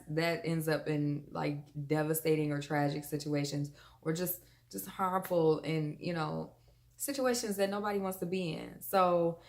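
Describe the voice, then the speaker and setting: A woman giving a frank, chatty motivational talk to her viewers, with slang and the odd laugh. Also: fairly low pitch. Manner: laughs between points. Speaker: vlogger. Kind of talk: casual motivational talk to camera.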